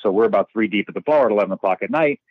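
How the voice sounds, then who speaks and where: Fast-talking, profane male bartender. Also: fairly low pitch, no room sound, narrow, tinny audio. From New York. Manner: animated, profane, many restarts. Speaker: bartender and guest. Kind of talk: casual storytelling.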